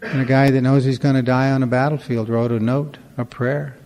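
Older guy with a gravelly mellow voice telling wry recovery stories, echoey hall. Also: medium pitch, little pitch movement, brisk. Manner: conversational, acts out dialogue, wry humor. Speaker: recovery meeting speaker. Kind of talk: storytelling talk to a recovery meeting.

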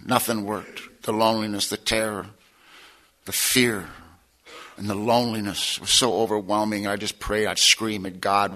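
A man giving a personal testimony at a recovery meeting, telling his story with intensity and dropping to quiet emphasis. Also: lowish voice, little pitch movement, moderate pace.

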